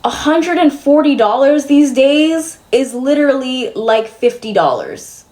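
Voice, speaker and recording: A woman's voice: sits high, lively intonation, unhurried, darkish tone. A young woman streamer venting to her chat, exasperated and swearing as she rambles.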